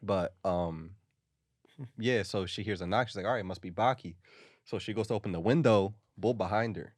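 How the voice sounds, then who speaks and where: Low-voiced man rambling through a story. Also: normal speed, distant mic. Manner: rambling slang-heavy retelling, packed with "like". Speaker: podcast host. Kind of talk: casual storytelling chat.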